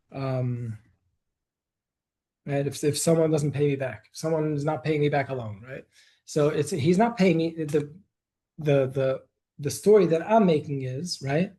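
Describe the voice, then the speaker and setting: Man, earnest workshop leader, fairly high voice, mellow and dry, restarts phrases as he explains. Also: no echo, rough recording. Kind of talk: Torah workshop lecture. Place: study hall with online attendees.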